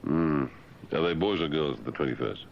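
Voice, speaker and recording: A man's voice: rumbling low, moderate pace, gravelly, highs cut off, slight background noise. A man hosting talk radio, teasing and mock-condescending as he bantered with guests and callers. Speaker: radio host.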